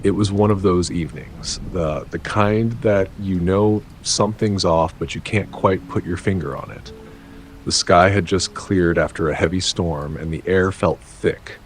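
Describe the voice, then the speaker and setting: Low-voiced man narrating horror stories. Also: slight background noise. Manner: measured, dramatic delivery with short halting phrases. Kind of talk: first-person horror story narration.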